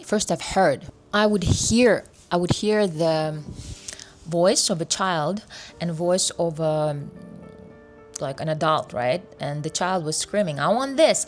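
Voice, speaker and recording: Woman, travel vlogger, lowish voice, animated storytelling, soft music behind. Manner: animated, acts out voices of people she met. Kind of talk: casual storytelling vlog.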